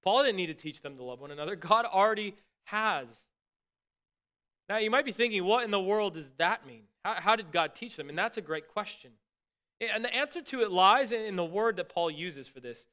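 Male pastor, middle-aged, somewhat high and bright; earnest, emphatic sermon delivery with frequent restarts. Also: lively intonation, normal speed. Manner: earnest, emphatic preaching with repeated restarts and dropping to soft asides.

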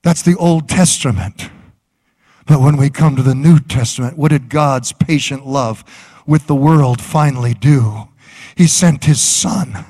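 A man's voice: mid-range voice, unhurried, warm tone. A man preaching a sermon as pastor, fervent and rhythmic, with repeated phrases.

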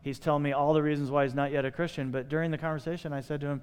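A male pastor preaching a sermon, telling stories with lively voicing of the people he quotes. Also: a little high, racing, few pauses, clean tone. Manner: animated storytelling, acting out quoted voices. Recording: long hall reverb.

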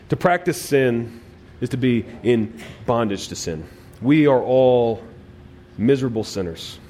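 A male pastor preaching a sermon, emphatic, with swings between loud and quiet phrases and frequent restarts. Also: medium pitch, expressive, moderate pace. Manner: repeats words as he restarts phrases.

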